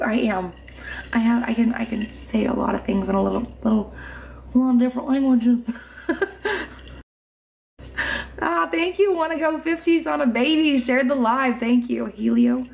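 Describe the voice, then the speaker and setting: A slightly high, gravelly voice comes a little slowly, with long pauses. The speaker is a livestream host from Indiana, USA, broadcasting by phone from a home room with mounted trophies, chatting casually over comments while giggly, profane and a little drunk.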